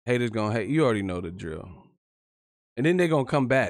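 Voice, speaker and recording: A man's voice: mid-range voice, moderate pace. Loose, profane man streaming fight talk. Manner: animated, profane, laughing, breaks into yelled impressions. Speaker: boxing commentator and streamer. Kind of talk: casual live stream commentary.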